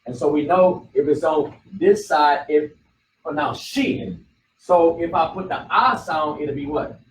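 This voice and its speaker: A man's voice: a little high, a little slow, a little hiss or hum. Man teaching in an echoey room. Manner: repetitive, prompting the class with questions. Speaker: bible study teacher. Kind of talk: classroom teaching. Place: study hall room. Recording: echoey room, mic far off, faint ambience.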